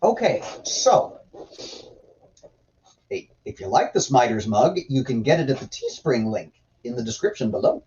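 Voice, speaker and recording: A man chatting casually on a livestream, with a lively, swooping delivery full of irreverent jokes. His voice comes through slightly dull and lo-fi, like budget streaming audio. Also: medium pitch, normal speed, long pauses, a little hiss or hum. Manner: irreverent, joking, reads chat aloud. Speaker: host reading and commenting on scripture.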